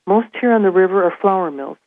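A woman's voice: medium pitch, expressive, brisk, no room sound, close to an everyday voice. A woman voicing a white-haired older station agent giving directions matter-of-factly, over a phone line. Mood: helpful.

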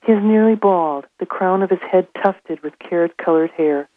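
A woman's voice: lowish voice, normal speed, no room sound. Woman reading her novel over the phone. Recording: tinny phone line.

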